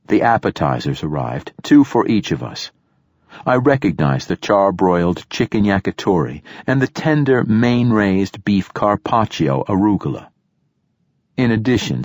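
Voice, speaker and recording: A man narrating a first-person audiobook in a measured, descriptive way. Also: deep voice, a little mellow, dry recording, clean studio sound.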